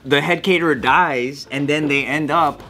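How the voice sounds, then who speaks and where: A man hosting a casual podcast chat, telling a news story with swearing and animated delivery. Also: a little high, moderate pace. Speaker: host.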